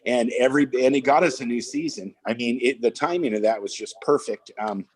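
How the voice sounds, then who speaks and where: A man's voice: medium pitch, fairly quick, breathy edge, poor audio. An older man, a guest auctioneer, telling long casual stories full of fillers and restarts. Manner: rambling anecdotes with many fillers and restarts. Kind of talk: casual storytelling chat.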